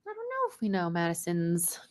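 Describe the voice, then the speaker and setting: A woman's voice: fairly low pitch, wildly swooping pitch, a little fast, darkish tone, no room sound, studio quality. A woman co-hosting a casual live stream, talking earnestly and at length. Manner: chatty, earnest, rambling. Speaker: podcast co-host.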